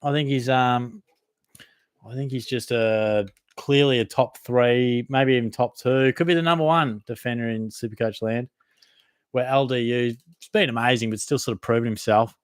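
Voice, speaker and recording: Speaking at a normal speed with a steady, medium-pitched tone, this young Aussie fantasy football podcaster runs a live Q&A. He reads out comments from viewers and replies in a friendly, matey manner, frequently chuckling at himself; the sound is dry, clean and studio-grade.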